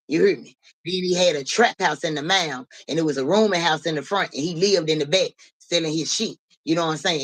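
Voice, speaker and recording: Animated, slangy woman telling a street story. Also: no room sound. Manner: animated, slangy, profane, keeps asking "you know what I'm saying"; acts out voices in the story, rising high and loud. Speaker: live-stream host. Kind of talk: casual storytelling on a live stream.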